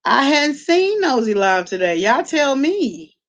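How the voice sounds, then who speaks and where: A woman's voice: high voice, big pitch swings, a little slow. Sassy woman talking to her live chat. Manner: sassy, blunt, talks straight to chat. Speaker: live-stream host. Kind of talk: casual live-stream commentary.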